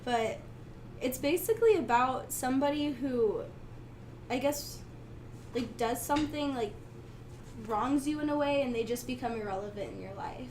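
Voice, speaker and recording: Girl from a band chatting, giggly and chill, high voice, echoey room with a bit of noise. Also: moderate pace, long pauses, darkish tone. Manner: giggly, easygoing answers. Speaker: band bassist and singer. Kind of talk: casual interview chat. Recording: roomy, distant mic, faint noise.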